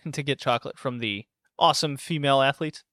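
A man hosting a casual podcast, animated and laughing often, with rambling asides. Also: mid-range voice, a little fast, dry recording, studio quality. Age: adult with a university degree. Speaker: podcast host reviewing wrestling shows. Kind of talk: casual chat.

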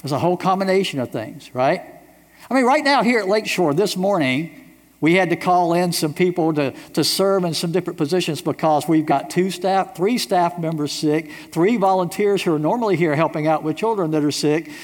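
A man's voice: on the high side, brisk. Preaching man in a reverberant church. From United States. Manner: emphatic preaching with repeated rhetorical questions. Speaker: pastor. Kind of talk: sermon. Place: church sanctuary. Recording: long reverb of a large church hall.

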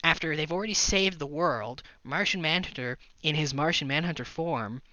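A man's voice: fairly high pitch, moderate pace, pushed and bright, no room sound, dull audio. A man co-hosting a casual movie review podcast, ranting in an exasperated, profane way. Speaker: podcast co-host.

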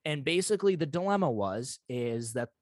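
A man's voice: mid-range voice, expressive, normal speed, no echo. A young man hosting a solo podcast, telling a story in a rambling, defensive way full of "like" and "uh". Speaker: podcast host. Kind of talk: casual solo podcast talk.

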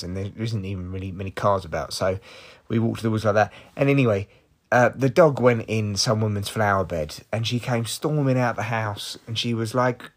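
A man's voice: mid-range voice, a bit bright. A male comedian talks alone into his podcast mic, in a middle-of-the-road voice. He rambles and swears freely, candid and self-mocking as he tells his story. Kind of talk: casual solo podcast monologue.

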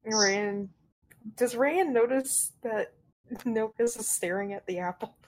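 Relaxed woman player at a game table. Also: fairly high pitch, slow pace, poor audio. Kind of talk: casual tabletop role-play.

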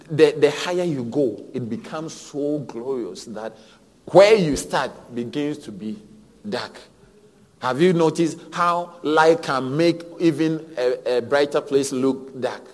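A man preaching a sermon as pastor, swinging between hushed lines and loud, emphatic repeated phrases. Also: mid-range voice. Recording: long hall reverb.

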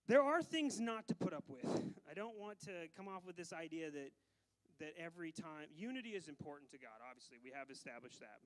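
With a voice that sits high, this pastor delivers his sermon with animation, alternating booming emphasis with soft asides and frequent laughter between phrases. The recording quality is low.

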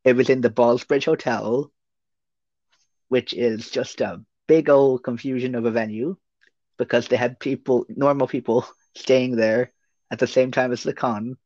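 A man's voice: medium pitch, fairly even intonation, measured pace, darkish tone, no room sound. A young Irish man, a guest on a podcast, talking casually and rambling with lots of hesitations. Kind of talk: casual interview chat. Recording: dry, muffled lo-fi audio.

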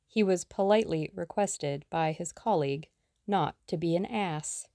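A woman narrating a storybook in a measured, even way. Her voice is low, dark and gravelly, and the recording is close and dry. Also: no room sound. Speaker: audiobook reader. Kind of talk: audiobook narration.

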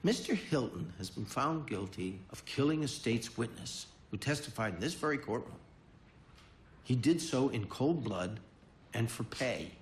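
Guy playing a stern judge, formal and sarcastic, roomy sound, pitch jumps around. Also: animated, measured pace, natural voice. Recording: echoey courtroom with faint noise.

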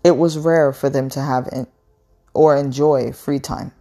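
A woman reading a novel aloud in a measured, unhurried way, with an occasional stumble over a word. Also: rumbling low, fairly even intonation, mellow.

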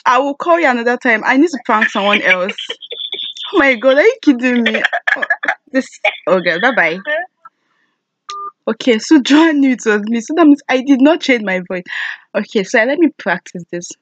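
A young woman, chatting casually to camera as a vlogger, excitable and giggly with loud exclamations. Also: on the high side, normal speed, dry recording, highs cut off.

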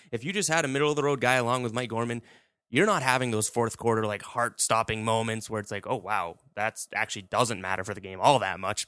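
Smooth-voiced man hosting a podcast. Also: medium pitch, a bit bright, no echo, studio quality. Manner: rambling, heartfelt, many fillers. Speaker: podcast host. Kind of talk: casual podcast monologue.

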